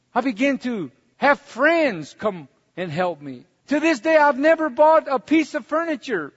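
A man's voice: very high-pitched, a bit bright. A man preaching a sermon, telling his own story in a conversational way and building to fervent preaching. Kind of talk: sermon with personal testimony. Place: church hall. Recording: dull recording in a reverberant hall.

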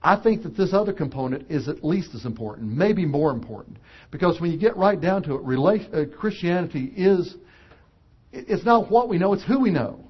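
A man preaching a sermon, an animated storyteller who acts out the voices of characters. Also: fairly high pitch, husky, lo-fi sound.

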